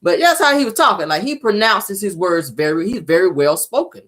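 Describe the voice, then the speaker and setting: A woman's voice: medium pitch, expressive, brisk, fairly bright tone. A woman casually recapping a reality TV episode, talking sassily straight to her viewers. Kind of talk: casual show recap commentary.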